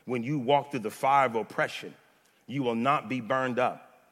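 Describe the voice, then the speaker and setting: A man's voice: mid-range voice, steady tone, moderate pace, a bit bright. A male pastor preaching a sermon, building to fervent repeated lines between chatty asides. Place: church sanctuary. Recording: long reverb of a large hall.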